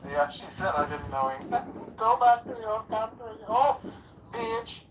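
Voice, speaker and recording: Swearing man with swinging pitch. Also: huge pitch swings, a little slow. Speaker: voice chat participant. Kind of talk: crude trolling banter. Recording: distant echoey voice chat with background noise.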